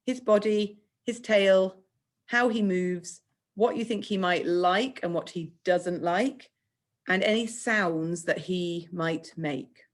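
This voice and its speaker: A woman with an English accent teaching children in a recorded remote lesson, speaking clearly, patiently and encouragingly. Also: on the low side, slow pace. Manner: clear, patient, encouraging, acts out example speech lines. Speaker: primary school teacher.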